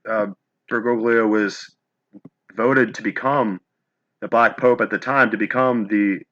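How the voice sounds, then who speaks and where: A male host who asks long questions and pauses often to search for his words, recorded on muffled, lo-fi audio. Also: on the low side, steady tone, a bit bright. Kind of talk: interview questions. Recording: dull lo-fi audio.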